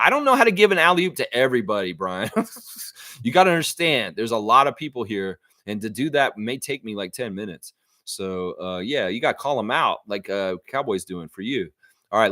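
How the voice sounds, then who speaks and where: A man's voice: lowish voice, fairly bright tone, no room sound. A man from Canada hosting a live sports chat stream, reading chat aloud and ranting bluntly with lots of fillers. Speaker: livestream host.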